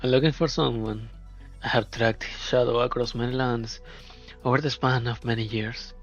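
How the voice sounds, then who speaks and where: A man voicing a stern, reserved young actor who answers tersely and quietly. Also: medium pitch, steady tone, normal speed, lightly acted. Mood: guarded. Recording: dull lo-fi, faint music.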